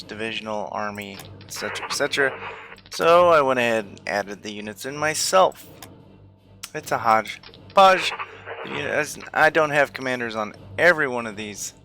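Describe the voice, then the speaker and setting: A man casually commentating a strategy game, thinking aloud slowly with frequent hesitations. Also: medium pitch, vocal fry, sharp tone. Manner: slow, hesitant, thinking aloud with many fillers. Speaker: gameplay commentator. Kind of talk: casual let's-play commentary.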